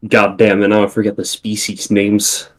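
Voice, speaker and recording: A man's voice: fairly low pitch, monotone, normal speed, rough recording. A man hosting a livestream, chatting casually and rambling, breaking off mid-thought and swearing lightly. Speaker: livestream host.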